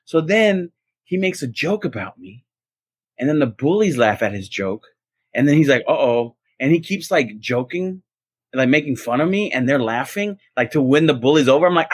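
This podcast co-host has a voice on the high side with a breathy edge, recorded with no echo. He tells stories in casual chat, animated and acting out the voices of the people he quotes.

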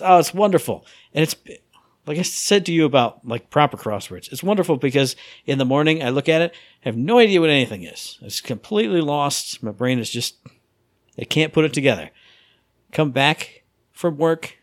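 A man chatting on a podcast, his pitch swinging high and low as he acts out little scenes from his week. The sound is dry and close, with no room around it. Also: dry recording. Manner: animated storyteller, acts out his own inner voice. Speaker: podcast co-host. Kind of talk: casual chat.

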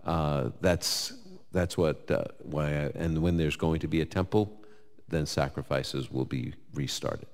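Deep-voiced New York man in a hall. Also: unhurried. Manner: conversational, lively, quotes scripture, jokes. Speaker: Bible teacher answering audience questions. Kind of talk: live Q&A before an audience. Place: large hall with live audience.

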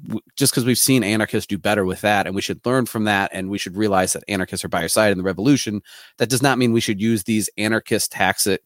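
A man's voice: fairly low pitch, fast talker, no echo, studio quality. A man co-hosting a podcast, making earnest points in long run-on sentences. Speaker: podcast co-host. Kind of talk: casual political podcast chat.

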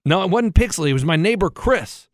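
A man's voice: sits high, expressive, fairly quick, no echo, studio quality. Rambling man telling a story on a talk podcast. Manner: rambling storyteller, acts out others' lines. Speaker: radio show co-host. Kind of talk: casual chat.

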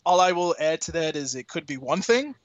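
A man's voice: on the high side, animated, brisk, dry recording, lo-fi sound. A man hosting a podcast in a playful, teasing way, steering the talk between segments. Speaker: podcast host. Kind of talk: casual podcast chat.

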